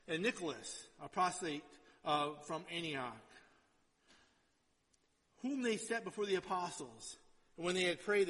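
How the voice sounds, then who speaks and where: High-voiced pastor preaching in a reverberant hall. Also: male voice, a bit bright. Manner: conversational, keeps asking "right?". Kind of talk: sermon.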